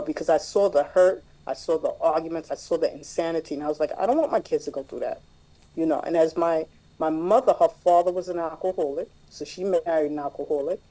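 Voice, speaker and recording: Middle-aged woman, mellow voice, reflective personal share at a group meeting. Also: low voice, rough recording. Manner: plain, reflective storytelling with many fillers. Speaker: meeting member sharing.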